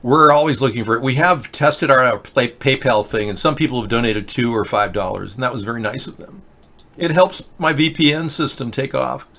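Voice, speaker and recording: This livestream political show host has a mid-range, fairly bright voice and talks fairly quickly. He runs a casual live video chat, reading viewer comments and tweets aloud with sarcasm and a tendency to ramble.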